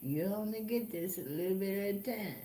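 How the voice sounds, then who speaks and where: A woman voicing a teasing, flirtatious female moon, pitched well above her own voice, in a roomy-sounding recording. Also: dark tone, slight background noise, close to an everyday voice. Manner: coy, drawn-out teasing. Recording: roomy echo.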